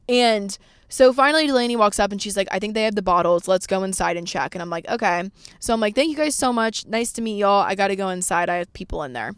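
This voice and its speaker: Casual young woman vlogger, smooth voice. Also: medium pitch, no echo, studio quality. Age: 20s. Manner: candid, swearing, rambling storytelling with lots of "like". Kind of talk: casual storytime vlog.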